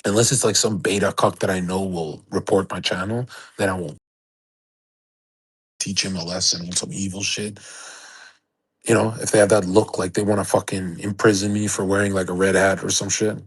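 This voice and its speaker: A man's voice: low voice, little pitch movement, normal speed, slightly rough, rough recording. A young man hosting a livestream, talking to his chat in a crude, boastful, rambling rant. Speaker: livestream host. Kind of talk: casual rant to a live chat. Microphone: streaming setup.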